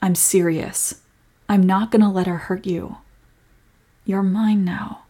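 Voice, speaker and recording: Breathy whispering woman, comforting role-play. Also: on the low side, fairly even intonation, normal speed. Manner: soft, comforting, protective. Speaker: girlfriend in audio role-play.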